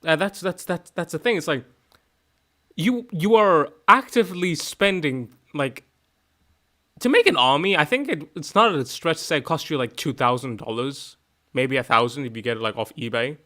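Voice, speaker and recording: Lively bright-voiced male streamer. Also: on the high side, moderate pace. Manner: laid-back, joking, swears a lot. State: half asleep. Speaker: streamer host. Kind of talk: casual chat on a livestream.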